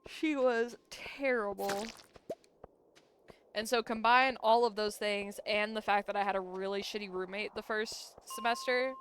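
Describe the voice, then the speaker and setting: A woman's voice: mid-range voice, a bit bright, a little hiss or hum. A young woman streaming a farming game, chatting casually and telling stories about college with lots of "like". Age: young adult. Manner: chatty, says "like" a lot, yawns between stories. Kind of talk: casual storytelling while gaming.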